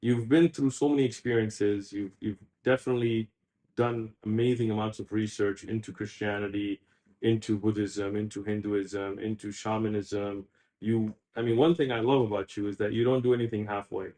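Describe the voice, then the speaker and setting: A man hosting a podcast interview, talking in animated, quick bursts with rising emphasis. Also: on the low side. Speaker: podcast host. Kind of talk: casual interview chat.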